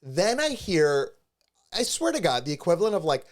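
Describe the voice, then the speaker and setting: Speaking at normal speed in a sing-song voice on the high side, a man co-hosting a podcast tells a lively story in casual chat. He acts out the voices of people he quotes, in a studio with a live stream.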